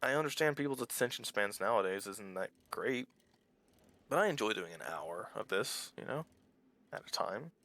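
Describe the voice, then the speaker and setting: Gravelly, bright-voiced man rambling over gameplay. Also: lowish voice, expressive, moderate pace. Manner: rambling and candid, swears casually. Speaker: small YouTuber playing a game. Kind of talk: casual let's-play commentary.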